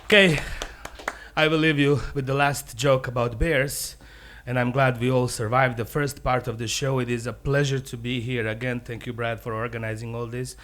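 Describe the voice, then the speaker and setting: A male comedian telling jokes live in a brewery taproom, animated and profane. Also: medium pitch, moderate pace, slight background noise.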